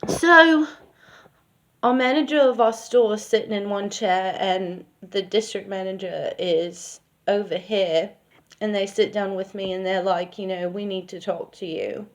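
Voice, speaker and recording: A woman's voice: mid-range voice, steady tone, moderate pace, a little mellow. A woman telling a personal story in a casual, rambling way with lots of fillers. She speaks candidly and swears now and then.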